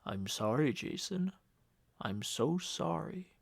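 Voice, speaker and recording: A man voicing a cold, pious middle-aged uncle who murmurs slowly and solemnly. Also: very animated, gravelly, breathy edge, dry recording, studio quality, full character voice. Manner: low, murmuring, slow and heavy.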